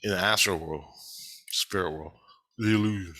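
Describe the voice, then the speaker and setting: A man's voice: low-pitched, moderate pace, sharp tone, no room sound. A man telling a rambling spiritual story to camera, swearing heavily and agitated. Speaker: vlogger. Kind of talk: rambling monologue.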